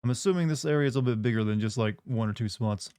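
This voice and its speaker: Tired, mellow-voiced male streamer. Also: mid-range voice, rapid-fire, clear, resonant tone, no room sound. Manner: relaxed and drowsy, thanking chat at length. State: tired, yawning. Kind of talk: casual chat.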